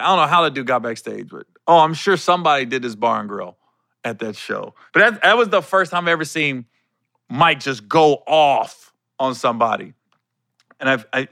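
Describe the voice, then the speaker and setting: A man hosting a podcast and telling a backstage story as a comedian, laughing often, swearing casually and acting out voices with sudden pitch jumps. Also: pushed and bright, no room sound, clean studio sound. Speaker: stand-up comedian and podcast host. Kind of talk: animated storytelling chat.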